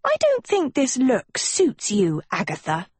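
A woman's voice: high voice, wildly swooping pitch, measured pace, darkish tone, slightly rough, dry recording, voice pushed up, heavily acted. A woman voicing a teenage girl turned villain in an audiobook, silky, taunting and coldly sweet. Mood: menacing. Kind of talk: audiobook character reading.

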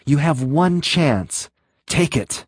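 A man's voice: mid-range voice, lively intonation, a little slow, breathy edge, no room sound, clean studio sound. A man doing a tense, urgent armed man. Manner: urgent, snapping, commanding.

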